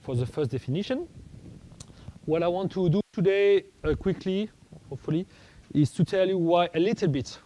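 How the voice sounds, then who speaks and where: Halting male math lecturer, mellow voice. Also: high voice, poor audio. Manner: halting, many restarts and fillers, thinking aloud.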